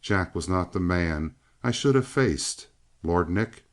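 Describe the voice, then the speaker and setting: A man's voice: deep voice, expressive, slow pace. A man voicing a proud, touchy small red-headed gunman in a western audiobook, speaking in a clipped, cool way. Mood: cold. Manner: clipped, cool, through the teeth.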